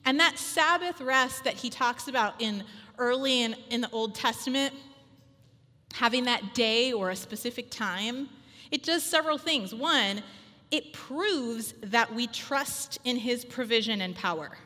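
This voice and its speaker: A woman in her thirties giving a chatty, animated sermon full of personal stories, acting out little quotes. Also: fairly high pitch, unhurried. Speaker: speaker at a women's church gathering. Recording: long hall reverb.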